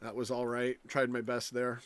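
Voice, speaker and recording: A man's voice: mid-range voice, completely flat delivery, normal speed, fairly bright tone, clear, resonant tone, dry recording. A young American man hosting a casual late-night livestream from home, rambling and profane, restarting his sentences often. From United States. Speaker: live stream host. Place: home, indoors.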